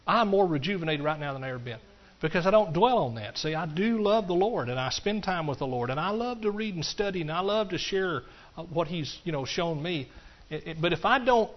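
A middle-aged man, preaching a folksy, animated sermon to his congregation and often talking to them directly. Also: on the high side, brisk, highs cut off. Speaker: pastor.

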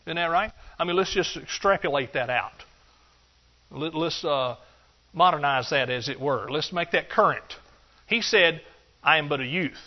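A man preaching a sermon, animated and joking, acting out excuses in a higher voice. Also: unhurried, a little hiss or hum. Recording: dull lo-fi sound.

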